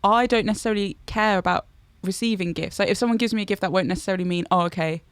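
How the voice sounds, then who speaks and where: A woman on a comedy podcast talks through an idea in a chatty, animated way. Her voice sits mid-range and is heard dry and close to the mic. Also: medium pitch, racing, no room sound. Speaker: podcast co-host. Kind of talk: casual comedy banter.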